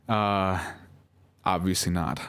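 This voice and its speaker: A man's voice: deep voice, fairly even intonation, takes it slowly, a bit bright, smooth, dry recording. A young man telling a personal story in a rambling, apologetic way, full of fillers and restarts. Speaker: vlogger. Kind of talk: casual storytelling.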